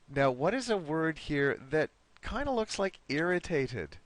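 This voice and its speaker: A male teacher leads an online vocabulary lesson, speaking slowly and patiently while he coaxes answers from students. His pitch moves a lot as he repeats and praises each answer. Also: very animated, a bit bright, dry recording.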